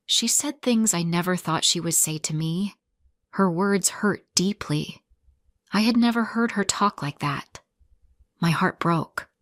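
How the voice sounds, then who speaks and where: A woman narrating a first-person story in slow, simple sentences for English learners, with a sorrowful telling. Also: on the low side, no room sound, clean studio sound.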